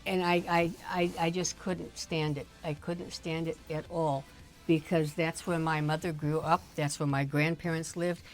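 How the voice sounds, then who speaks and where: A woman's voice: low-pitched, moderate pace. An older woman in casual chat, telling stories and laughing often. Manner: chatty storyteller, laughs often. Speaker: streamer's mother, guest.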